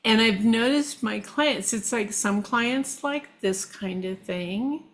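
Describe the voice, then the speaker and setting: A middle-aged woman talking casually as a guest, meandering and halting with restarts. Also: fairly high pitch. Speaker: guest, shamanic practitioner. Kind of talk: casual conversation.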